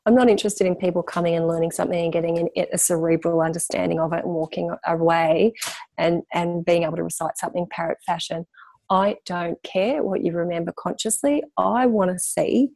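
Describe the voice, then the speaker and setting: A woman's voice: on the low side, steady tone, fairly quick, vocal fry, dark tone, dry recording. A woman, a spiritual coach, talking passionately in a candid interview and repeating phrases for emphasis.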